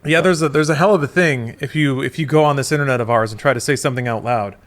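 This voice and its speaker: A man's voice: medium pitch, fast talker, fairly bright tone. A man in his thirties co-hosting a podcast, musing aloud in a loose, rambling casual chat and often correcting himself. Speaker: podcast co-host.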